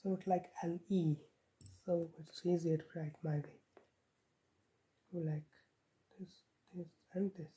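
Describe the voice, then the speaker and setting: A woman's voice: lowish voice, fairly even intonation, a little slow, long pauses, mellow. A woman from Himachal Pradesh casually teaching a handwriting script at home, counting the strokes aloud as she writes. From Himachal Pradesh, India. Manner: talks while writing, counting strokes aloud. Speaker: script tutor.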